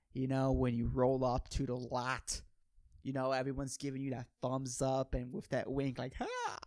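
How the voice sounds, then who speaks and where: A man's voice: medium pitch, dry recording, studio quality. A man with a Puerto Rican accent hosting a podcast, rambling through a goofy comedic monologue and swearing casually. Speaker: podcast host.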